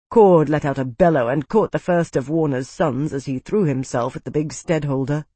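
A man narrates a fantasy audiobook with steady, dramatic pacing. His voice sits a little higher than most men's, and the recording is completely dry, with no room sound at all. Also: dry recording.

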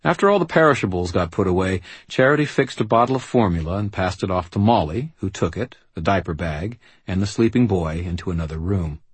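Low, husky male narrator. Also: expressive, fairly quick, few pauses, dry recording. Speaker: audiobook narrator. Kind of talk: first-person scripted narration.

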